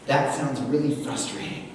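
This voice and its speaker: Animated older man in an echoey hall. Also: medium pitch. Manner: animated, acts out parent dialogue. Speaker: speaker. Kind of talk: church workshop talk. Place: church hall. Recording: echoey hall from far off, faint noise.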